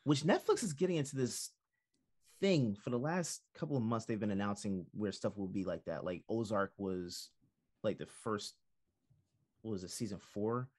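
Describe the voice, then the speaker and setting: A man co-hosting a relaxed entertainment talk show. He chats in a loose, animated way, stacking up fillers. His pitch moves around a lot as he talks. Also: normal speed. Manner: animated, filler-heavy storytelling. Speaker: podcast co-host. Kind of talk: casual chat.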